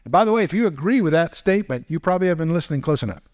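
A man's voice: a little high, lively intonation, racing, darkish tone. A man giving a teaching lecture as a Bible teacher, posing rhetorical questions and dropping wry asides. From United States.

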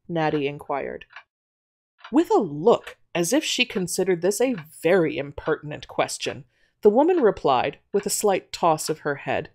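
A woman narrating an audio drama in an expressive storytelling manner. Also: low voice, moderate pace.

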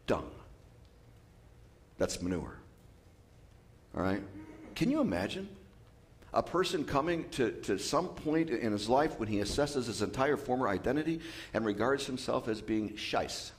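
A man preaching a sermon as pastor, lively and joking with asides. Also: mid-range voice, normal speed. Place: church.

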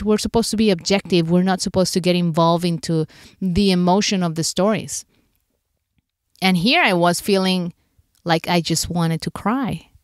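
A woman's voice: mid-range voice, no echo, clean studio sound. A woman podcast host candidly retelling an emotional personal story, acting out her own inner thoughts as she goes.

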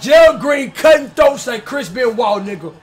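Loud hyped young man gaming. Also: very high voice, lively intonation, a little slow, faint music behind. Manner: loud, rough, hyped shouting and trash talk. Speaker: gaming YouTuber. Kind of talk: loud live game commentary.

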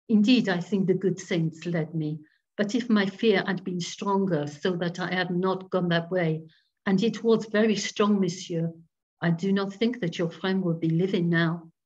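A woman voicing a grave, devout male French village priest, speaking slowly and solemnly over a dull video call. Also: on the low side, a little mellow, close to an everyday voice. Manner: slow, solemn, measured.

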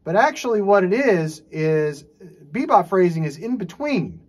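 A man teaching jazz drums in a relaxed, casual way, scat-singing rhythms and checking in with frequent "okay"s. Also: high-pitched, normal speed. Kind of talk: casual instructional talk. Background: drum playing.

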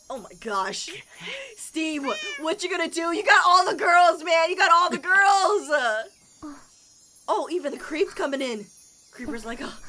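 A young woman reacting to animations, excitable and gushing, with squealing exclamations. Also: very high-pitched. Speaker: reaction video host. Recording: noticeable background noise.

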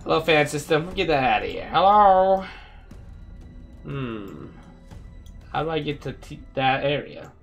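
A man's voice: mid-range voice, expressive, normal speed, creaky, fairly bright tone, soft background music. A man hosting a casual let's-play, joking and talking to the characters on screen as he plays. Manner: playful, jokey, talks to game characters. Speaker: gaming video host.

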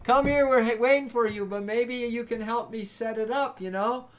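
A man hosting a late-night livestream, chatting loosely and warmly with viewers and calling them brother and man. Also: very high voice, steady tone, moderate pace. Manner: upbeat, rambling, calls people brother and man. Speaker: livestream host. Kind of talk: casual chat with live viewers.

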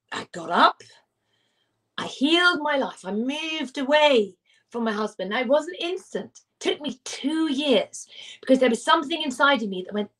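Woman speaker, higher voice, earnest personal storytelling, mic at some distance. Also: a bit bright. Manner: earnest, emphatic, with repeated phrases. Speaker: motivational speaker.

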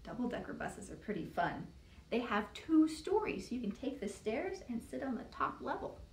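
A woman librarian reads a picture book aloud to young children in a sing-song storytime manner, doing different voices. Her voice sits on the high side at a moderate pace, captured by a distant mic in an echoey room.

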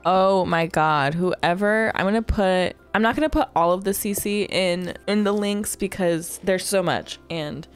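A woman's voice: mid-range voice, moderate pace, few pauses, clear, resonant tone, faint music behind. A young woman chatting casually while building in a game, thinking aloud with playful asides. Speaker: Sims building creator. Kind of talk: casual gameplay commentary.

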